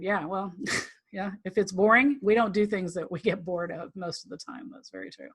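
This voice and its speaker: A woman's voice: mid-range voice, lively intonation, moderate pace, slightly rough. Chatty female tantra teacher, loose and rambling, acts out little quotes with laughs. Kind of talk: live online class teaching.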